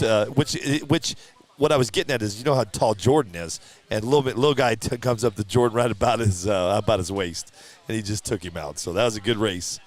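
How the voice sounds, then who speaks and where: A man hosting a live stream who calls the races in a chatty, easygoing way and shouts with excitement at a surprise win. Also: on the low side. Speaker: race announcer and livestream host. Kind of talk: casual live race commentary. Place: at a drag racing event.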